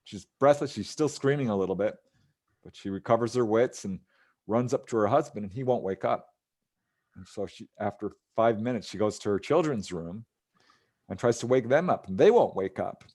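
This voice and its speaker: With an animated, fairly low, slightly mellow voice at normal speed, this ufologist walks through a case in a casual interview. He chuckles while imitating the people he quotes.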